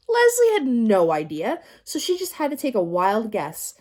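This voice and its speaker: Expressive woman reading a children's book. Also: medium pitch, unhurried. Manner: lively, expressive storytelling. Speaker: audiobook narrator. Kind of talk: reading a children's novel aloud.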